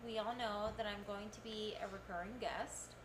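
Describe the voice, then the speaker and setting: A woman's voice: medium pitch, steady tone, normal speed. A young woman, a recurring podcast guest, chatting casually, brash and teasing, swearing freely. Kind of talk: casual chat. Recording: echoey room with noise.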